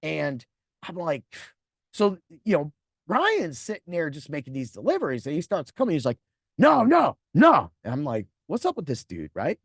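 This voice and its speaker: A man's voice: fairly high pitch, sing-song, moderate pace, no echo, clean studio sound. A man in his forties hosting a podcast, telling a personal story in a blunt, profane way and acting out other people's lines. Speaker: podcast host.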